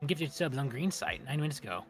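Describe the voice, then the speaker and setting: A woman co-streamer in casual chat, calm, low-key and dry. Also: a little fast, soft background music.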